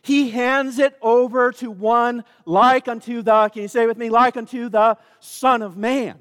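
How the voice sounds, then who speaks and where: High-voiced preacher giving an emphatic sermon. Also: male voice, fairly even intonation, a little slow, a bit bright, no room sound, clean studio sound, in a large hall. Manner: emphatic, calls on the congregation.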